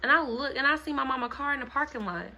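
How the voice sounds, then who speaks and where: Young woman vlogger, high-ish bright voice, lively storytime delivery. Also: fast talker, a little hiss or hum. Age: young adult. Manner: animated, dramatic retelling that acts out other people's lines. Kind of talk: casual storytime to camera. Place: home.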